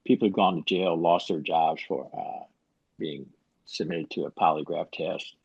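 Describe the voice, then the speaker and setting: A man in his sixties speaks with a very low, gravelly and husky voice. He tells his story in a dry, wry, self-deprecating way. The sound is dull and close, with no room around it. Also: fairly even intonation, moderate pace, no echo. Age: 60s. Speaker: author guest. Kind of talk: casual interview talk.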